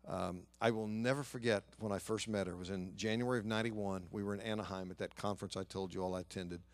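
A man as a pastor, telling a story in an earnest sermon and lively when quoting others. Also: lowish voice, fast talker, no echo.

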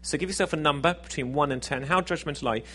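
A man's voice: on the high side, very fast, bright, forceful tone. A man preaching a sermon in a conversational, self-deprecating, jokey way.

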